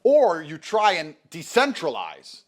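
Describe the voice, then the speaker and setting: A man with a high, lively voice that swings up and down as he lectures. He talks emphatically and swears freely in casual conversation. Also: takes it slowly. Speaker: guest.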